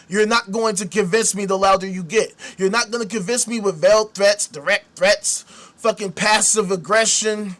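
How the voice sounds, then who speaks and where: Speaking at a moderate pace in a high-pitched voice, a man hosting a show launches into an angry, profane, combative rant, now and then breaking into shouts.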